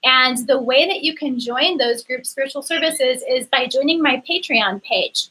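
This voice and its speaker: Bright-voiced woman hosting a live chat. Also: high voice, moderate pace, poor audio. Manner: earnest, grateful, with many ums and restarts. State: getting emotional. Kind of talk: casual livestream talk to viewers.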